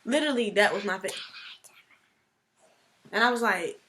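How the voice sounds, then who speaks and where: A young woman vlogging casually, telling a personal story in a chatty, animated way. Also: medium pitch, normal speed.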